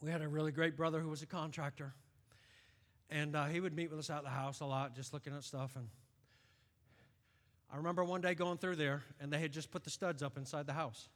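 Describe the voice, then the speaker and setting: A middle-aged man with a drawl preaches with a bright, ringing tone, climbing into shouted high-pitched peaks. His voice carries a long reverb that fills a church sanctuary. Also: fairly even intonation, brisk. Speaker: pastor. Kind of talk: sermon.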